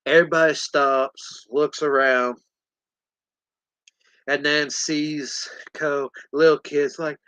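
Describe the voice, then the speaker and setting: A man hosting a podcast, recapping a film in animated, casual storytelling full of laughter. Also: a little high, takes it slowly, pauses often, clean tone, dry recording, low-quality recording. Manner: animated storytelling, laughs often, acts out scenes. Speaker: podcast host.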